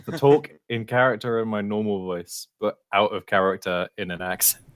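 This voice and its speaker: British man with a low, dry voice. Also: moderate pace, no room sound. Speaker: player. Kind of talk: casual chat at the gaming table.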